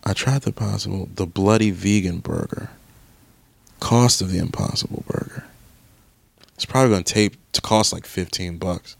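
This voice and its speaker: Young guy with a really low voice griping on his podcast, swears a lot, dry close mic. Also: moderate pace, vocal fry, no echo. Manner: grumbling, exasperated, swears casually, thinks aloud. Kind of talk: casual solo chat while browsing online.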